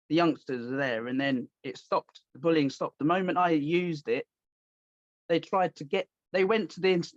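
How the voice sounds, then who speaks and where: A man hosting a podcast, telling stories in a casual, animated way and acting out the voices of the people he quotes. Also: a little high, no echo. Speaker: podcast host. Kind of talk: casual storytelling chat. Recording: dull lo-fi dry sound.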